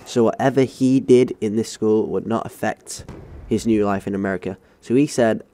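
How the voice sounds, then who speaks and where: Over gameplay footage, a young Englishman who hosts a gaming channel recounts a story from school at a moderate pace. His low, gravelly voice sounds dark and mellow, and his telling is laid-back, meandering and full of swearing.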